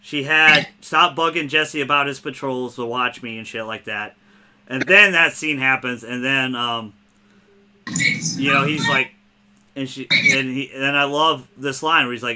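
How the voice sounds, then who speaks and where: A man hosts a loose podcast conversation with a strikingly bright, sharp voice. He talks with excitement, swears freely and retells scenes by quoting lines aloud. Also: medium pitch, a little slow. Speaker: podcast host. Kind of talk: casual podcast chat.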